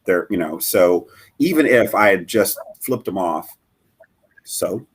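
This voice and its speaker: A middle-aged man telling a personal story as a guest in a live interview, halting and earnest, with many fillers and restarts. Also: sits low, lively intonation, slightly rough. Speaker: guest, bereaved father.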